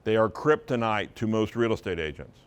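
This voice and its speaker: A man's voice: on the low side, lively intonation, fairly quick, clear, resonant tone. A man giving a live seminar presentation to real estate agents, talking in an emphatic, conversational way and leaning on his intonation to drive points home.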